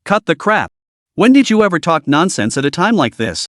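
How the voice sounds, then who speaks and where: A man voicing a gruff, protective special forces instructor who talks bluntly and scolds. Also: on the high side, big pitch swings, moderate pace, a bit bright, dry recording, studio quality. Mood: scolding.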